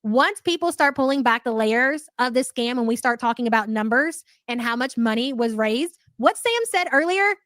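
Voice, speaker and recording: A woman's voice: fairly high pitch, lively intonation, normal speed, hardly any pauses, a bit bright, no echo. A woman hosting a livestream, reading donation messages and giving brash, mocking commentary with plenty of swearing.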